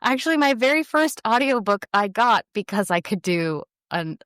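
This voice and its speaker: A woman's voice: a little high, animated, normal speed, a bit bright, clean tone, dry recording, clean studio sound. A young adult woman, an audiobook narrator, chatting casually in an interview and rambling with lots of fillers. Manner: rambling, lots of fillers, self-deprecating laughs.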